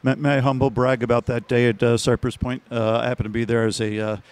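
A man on a golf podcast panel, telling a short anecdote and dropping dry, quick interjections. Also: mid-range voice, flat delivery, smooth. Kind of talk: casual podcast chat.

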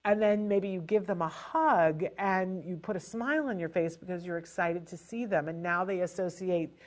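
Chatty, animated woman with a lowish voice. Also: moderate pace. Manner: animated and chatty, with frequent restarts. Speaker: advisor to parents on child language delay. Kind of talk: casual spoken advice.

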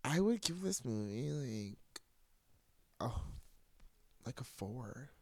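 A man's voice: medium pitch, sing-song, takes it slowly, dry recording. A man guesting on a casual podcast chat, talking in a playful, hesitant way.

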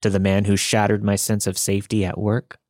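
A man with a low voice narrates true creepy encounters in a steady, measured way. The sound is dry and close, with no room around it. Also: no echo. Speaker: podcast narrator reading listener stories. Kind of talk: scripted narration.

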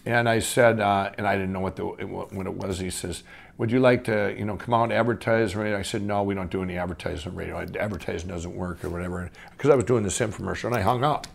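A man's voice: low voice, fast talker, creaky. A man, an inventor and company founder, telling his life story in a casual, rambling, eager way, acting out the dialogue he quotes. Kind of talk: casual first-person storytelling.

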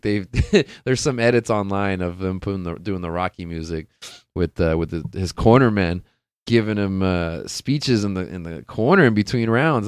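A man hosting a solo sports podcast, talking casually and excitedly, swearing freely and laughing often. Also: lowish voice, smooth, dry recording, studio quality. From California. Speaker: podcast host.

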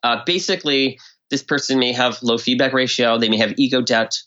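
A man of middle pitch explaining his ideas as a podcast guest, now and then slipping into little acted-out quotes. His voice moves up and down with energy. The sound is a bit dull and lo-fi. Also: a little fast. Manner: animated, acts out quoted speech with swings in tone. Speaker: guest expert. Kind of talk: conversational explanation.

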